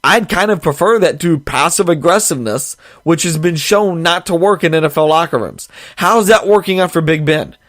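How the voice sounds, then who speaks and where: A man's voice: a little high, normal speed, few pauses, a bit bright, no room sound, studio quality. A man hosting a sports podcast, delivering an emphatic, sarcastic opinion monologue. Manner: emphatic, sarcastic, mocks others in quoted voices. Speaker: podcast host.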